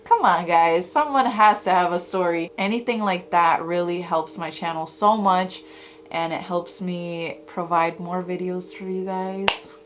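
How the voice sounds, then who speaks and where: A young woman vlogger chatting to camera, telling personal stories in a casual, excitable way full of fillers. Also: fairly low pitch, unhurried, noisy background. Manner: chatty, many "like"s and "oh my God"s. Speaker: YouTube vlogger.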